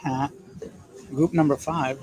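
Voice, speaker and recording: A man's voice: on the high side, steady tone, slow pace. A man live-streaming from an airport transit area on his phone, chatting casually and jokingly as he reads viewer comments. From Canada. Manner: joking, rambling, candid. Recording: busy airport crowd noise. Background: crowd chatter and PA announcements.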